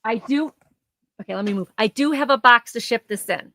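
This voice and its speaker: A woman's voice: a little high, fairly quick, fairly bright tone, poor audio. A chatty woman running a casual live sale from home, describing items and laughing easily. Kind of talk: casual live auction chat. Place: home, near her garage.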